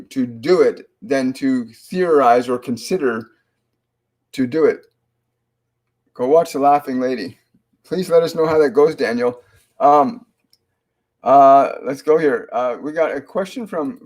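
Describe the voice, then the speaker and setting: A man hosting a live psychic reading, calmly relaying spirit messages in a halting way full of restarts and fillers. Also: medium pitch. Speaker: psychic medium host.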